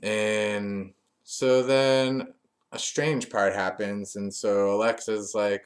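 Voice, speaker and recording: Brief: male reviewer, low-pitched, conversational recap, relaxed and unscripted. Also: slow pace. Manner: chatty, loose, with frequent fillers and restarts. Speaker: wrestling show reviewer. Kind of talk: casual recap commentary.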